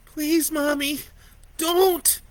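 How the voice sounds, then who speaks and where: A man voicing a terrified little boy who sobs and pleads in a high voice. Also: steady tone, extremely slow, full character voice. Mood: sobbing. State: sobbing.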